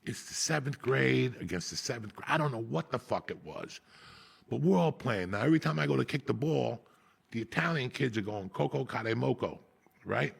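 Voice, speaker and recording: A raspy, gravelly man tells school stories full of swearing. His voice is husky and he often cracks up mid-story in a loose podcast chat. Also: mid-range voice, moderate pace. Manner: raspy, profane, animated, breaks into laughter. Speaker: podcast host. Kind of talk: profane casual storytelling.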